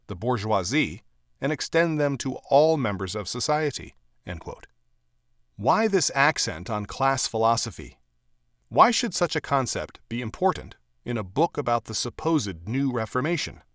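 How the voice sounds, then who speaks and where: A man reading a book chapter aloud in a measured, emphatic way, marking each quotation as he goes. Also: mid-range voice, a bit bright, no echo, clean studio sound. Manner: measured, emphatic reading with clear quote markers.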